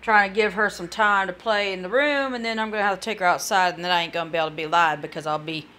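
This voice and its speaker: Casting note: tired woman, bright forceful voice, rambling live-stream chatter to viewers. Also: on the low side, fast talker, slight background noise. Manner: rambling, talks to chat viewers by name. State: tired, yawning. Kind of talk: casual live-stream chat.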